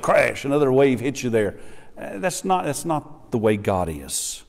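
A middle-aged man preaching a sermon in a church, lively and acting out the voices of the people he quotes. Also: mid-range voice, a little slow, creaky. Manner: animated, acts out quoted voices. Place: church sanctuary. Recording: reverberant church hall.

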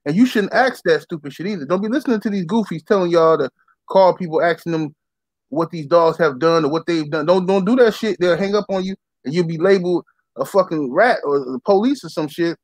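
A man's voice: fairly high pitch, brisk, dry recording. A man hosting a casual chat, emphatic and profane. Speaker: podcast host.

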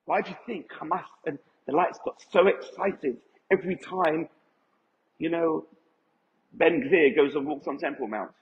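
A man's voice: on the high side, a little slow. A male rabbi giving an emphatic Torah lecture to a live audience and putting questions to them. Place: event hall with audience. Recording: echoey hall, dull lo-fi sound.

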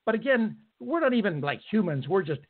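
A man's voice: sits high, sing-song, a little fast. A man hosting a talk radio show from a studio, ranting in a sarcastic, indignant way with many fillers. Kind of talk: political talk radio monologue. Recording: narrow phone-like sound.

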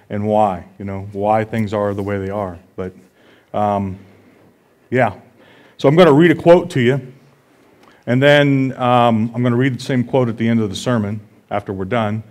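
A man's voice: on the low side, steady tone, normal speed, darkish tone. A man with a Midwestern American accent preaching a sermon in a church, conversational and joking, often checking in with the congregation. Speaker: pastor. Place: church sanctuary.

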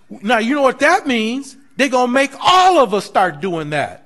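Pastor guy teaching bible class, high gravelly voice swinging all over, lively preaching. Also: moderate pace. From United States. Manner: animated preaching with storytelling, laughing asides; acts out quoted voices in dialogue. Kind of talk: sermon-style Bible teaching.

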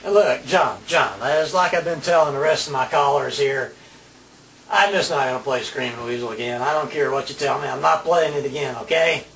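A man's voice: medium pitch, moderate pace, a bit bright, reverberant, distant mic, slight background noise. A man playing a radio DJ in a comedy sketch, grumbling, exasperated and sarcastic.

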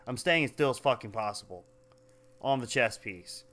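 A man's voice: medium pitch, lively intonation, moderate pace. Frustrated swearing gamer man. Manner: frustrated swearing and yelling at the game. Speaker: gaming channel host. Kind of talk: let's play commentary.

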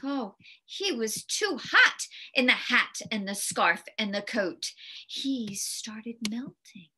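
Slow, very expressive woman reading storybook aloud. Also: on the high side, slight background noise. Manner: very expressive, with gasps and hushed whispery asides. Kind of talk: reading a picture book aloud to children.

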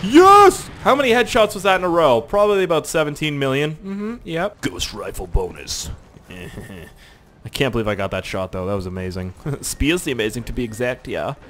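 Young male gamer, let's play commentary, goofy rambling delivery, swings high and low. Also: sing-song, moderate pace, fairly bright tone, slight background noise. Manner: rambling, joking, swears a lot. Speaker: gaming YouTuber.

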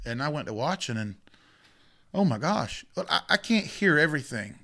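A man's voice: a little high, normal speed, creaky. A middle-aged man, a youth football coach, telling a story in casual chat, with lots of repeated starts. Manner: animated, self-interrupting with repeats.

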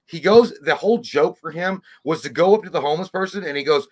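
A man's voice: fairly high pitch, fast, breathy edge. A man co-hosting a casual movie podcast, swearing freely and ranting with mocking impressions. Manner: profane, animated rants with mocking put-on voices. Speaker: podcast co-host. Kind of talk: casual chat.

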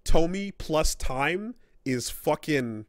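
A man's voice: a little high, expressive, slow, dry recording, clean studio sound. A man co-hosting a casual gaming podcast, rambling and swearing as he acts out quoted characters. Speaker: podcast co-host.

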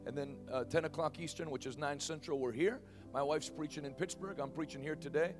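A man in his forties preaching a sermon as pastor, emphatic and bursting loud in praise. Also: on the high side, fairly quick, over music. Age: 40s.

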